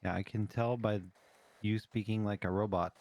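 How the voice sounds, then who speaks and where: Low-voiced man, teasing roleplay banter. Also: steady tone, moderate pace, darkish tone. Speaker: roleplay player. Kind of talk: casual in-character roleplay chat.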